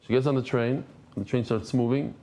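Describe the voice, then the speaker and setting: A man teaching a daily Talmud class, reading the Aramaic text and explaining it in English, switching to softer storytelling. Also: mid-range voice, steady tone, a little fast.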